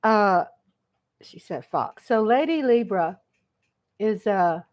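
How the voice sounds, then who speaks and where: A woman's voice: mid-range voice, expressive, takes it slowly, darkish tone, poor audio. A woman hosting a casual live chat, greeting viewers by name and laughing often. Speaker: livestream host.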